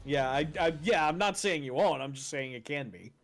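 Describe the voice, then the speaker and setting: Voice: mid-range voice, animated, brisk, faint music behind. A co-streamer chatting casually during a game stream, laid-back and dry with short replies.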